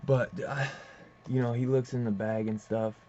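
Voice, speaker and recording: A young man casually reviewing a comic book, rambling and excitable, swearing and saying "dude" often. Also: medium pitch, moderate pace. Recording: slightly dull lo-fi audio with faint hiss.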